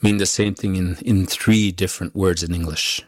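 A male musician, a guest whose first language is Inuktitut, answering interview questions haltingly with many pauses and fillers. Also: sits low, steady tone, dry recording, studio quality.

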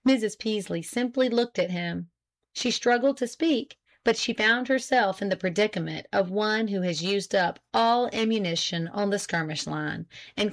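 A woman narrating a classic novel as a volunteer audiobook reader, in a measured, even storytelling manner. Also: medium pitch. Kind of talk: scripted narration.

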